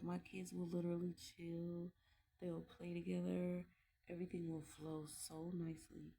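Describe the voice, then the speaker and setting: A woman with a low, gravelly voice speaks in a casual vlog about raising her children. Her delivery is earnest and heartfelt, with halting pauses and restarts, and her tone stays fairly flat. A faint hum of room noise sits behind her. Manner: candid and heartfelt. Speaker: mother vlogging about parenting. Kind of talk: casual reflective vlog monologue.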